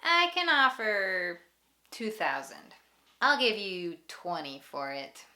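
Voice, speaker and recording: A woman teaching an English lesson, speaking slowly and clearly and repeating example phrases. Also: medium pitch, very animated, sharp tone. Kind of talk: ESL lesson.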